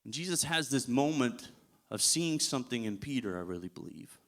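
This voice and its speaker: A male guest preacher tells the story in a relaxed, conversational way and chuckles often as he goes. His voice sits at an everyday middle pitch, recorded in a church. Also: a little fast. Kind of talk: sermon.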